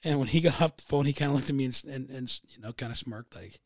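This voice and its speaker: A man co-hosting a podcast, telling a long anecdote in a relaxed, halting way with many restarts. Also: medium pitch, no room sound, studio quality. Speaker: podcast co-host. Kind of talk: casual storytelling chat.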